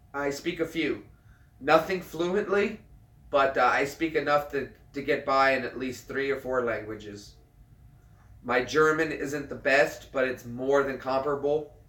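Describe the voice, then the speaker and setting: A man in his thirties, a military veteran, chatting casually on a livestream, earnest and halting, often repeating himself as he restarts a thought. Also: medium pitch, a bit bright. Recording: roomy sound, mic at a distance.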